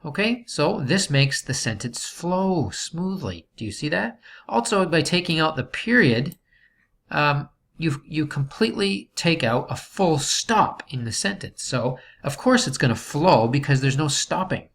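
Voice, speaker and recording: A man's voice: fairly high pitch, expressive, measured pace, gravelly, fairly bright tone. A man teaching a writing lesson, explaining sentence types patiently and checking in with "okay". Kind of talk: classroom grammar lesson.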